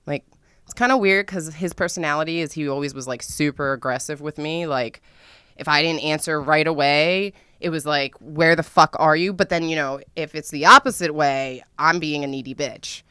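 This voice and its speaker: A woman's voice: low voice, moderate pace, clean tone, no room sound, clean studio sound. Profane, dramatic young woman podcaster. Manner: profane, dramatic, animated storytelling with sudden loud squeals. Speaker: podcast host. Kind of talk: casual storytelling monologue.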